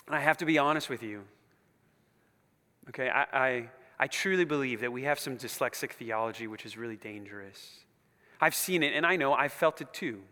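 A man preaching a sermon with passion, dropping to hushed near-whispers and building to loud repeated lines, with casual asides. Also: medium pitch, normal speed. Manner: conversational asides and repetition. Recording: long reverb of a large hall.

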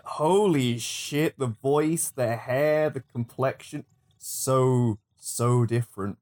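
A man co-hosting a podcast at an ordinary pitch. He jokes and laughs his way through relaxed chat. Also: slow. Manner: laughing, joking banter. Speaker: podcast co-host. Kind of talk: casual chat.

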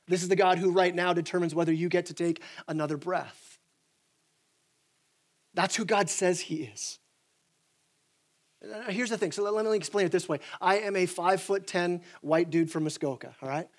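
Pastor, male, fairly high voice, lively sermon delivery, restarts phrases, works the room. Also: brisk. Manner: animated, repeats words when starting sentences, acts out voices. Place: church sanctuary.

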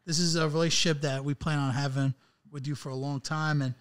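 A man's voice: fairly high pitch, fairly even intonation, fairly quick, a bit bright. A man hosting a casual podcast, talking loosely and often repeating himself. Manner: loose, repeats words, praises the guest. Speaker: podcast host.

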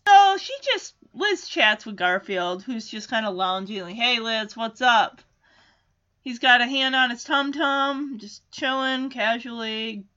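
A woman casually recapping a cartoon episode, sarcastic and animated, slipping into quick voices for the characters. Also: fairly high pitch, muffled recording. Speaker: cartoon reviewer.

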